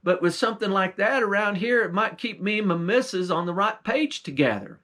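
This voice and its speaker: A man's voice: sits high, expressive, a little fast, sharp tone. A man voicing an eager, nosy old country husband with a folksy drawl. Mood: bargaining. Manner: pleading, insistent, folksy drawl.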